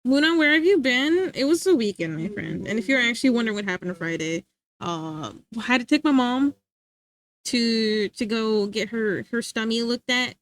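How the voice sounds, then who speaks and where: High-voiced giggly woman streamer. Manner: giggly, animated, chatty. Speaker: live streamer. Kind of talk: casual chat reading live chat. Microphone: streaming mic.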